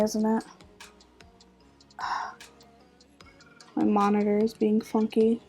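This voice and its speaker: A woman chatting casually with viewers while drawing on a live stream, her voice a little scratchy and groggy, relaxed and laughing often as she focuses on her work. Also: mid-range voice, extremely slow, long pauses, soft background music. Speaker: art streamer.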